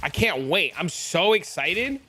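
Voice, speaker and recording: A man's voice: high-pitched, sing-song, measured pace, bright, forceful tone, a little hiss or hum. A young man streaming a game live, chatting with viewers and ranting profanely about fellow players. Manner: profane, ranting, reacts to chat. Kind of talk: live stream chat while gaming.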